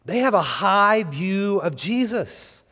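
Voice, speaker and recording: A man's voice: sits high, expressive, slow pace, pushed and bright, long reverb tail. A man preaching a sermon as pastor, earnest and building to emphatic peaks on key phrases. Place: church sanctuary.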